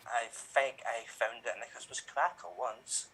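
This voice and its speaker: A man's voice: mid-range voice, steady tone, moderate pace, bright, forceful tone, husky, poor audio. A man playing the ghost of a murder victim who dryly needles a suspect with questions in live improv. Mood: needling.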